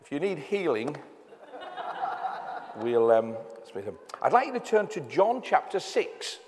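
An older Englishman with a fairly high, sing-song voice preaches a sermon at a measured pace, chatting and joking along the way. The recording is from an echoey church hall with a noisy background.

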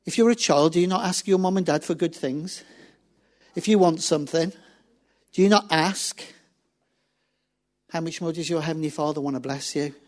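Pastor preaching with lively storytelling. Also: male voice, fairly high pitch, moderate pace, long pauses. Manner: lively storytelling, acting out dialogue. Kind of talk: sermon.

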